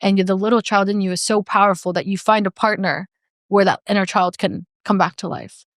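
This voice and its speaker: A woman's voice: mid-range voice, fairly even intonation, fairly quick, no echo, clean studio sound. A woman speaking as a podcast guest in a candid, earnest and reflective way, with frequent "like" fillers.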